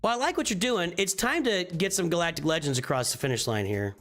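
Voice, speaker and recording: A man with a slightly high voice talks through viewers' game rosters on a live stream. His talk is loose and casual, with restarts and repeated phrases as he thinks aloud. Faint music plays underneath. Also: lively intonation, fast, fairly bright tone.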